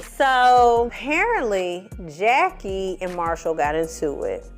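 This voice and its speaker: Over faint music, a mid-range female voice talks slowly with hardly any pauses. She's a film and TV reviewer recapping a reality show casually, telling it sassily, with swearing and lots of attitude.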